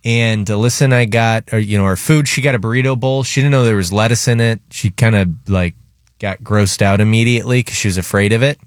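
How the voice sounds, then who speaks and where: A man's voice: lowish voice, a little fast, no echo. A man hosting a radio show, telling a rambling, casual story with lots of fillers in a studio. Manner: chatty, rambling anecdotes with many fillers.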